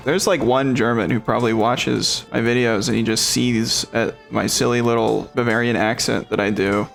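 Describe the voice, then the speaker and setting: Gravelly joking man narrating gameplay. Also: medium pitch, lively intonation, normal speed, fairly bright tone, faint music behind. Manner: joking, irreverent, laughs often. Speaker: gameplay commentator. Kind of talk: casual strategy-game commentary.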